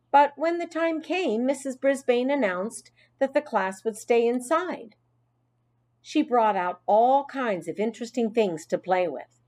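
A woman reading a children's story aloud with expressive, unhurried narration. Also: mid-range voice.

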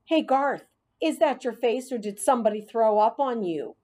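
A woman voicing a panicky, bullying schoolboy who shrieks in a high, frantic voice. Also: lively intonation, normal speed, mellow. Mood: mocking.

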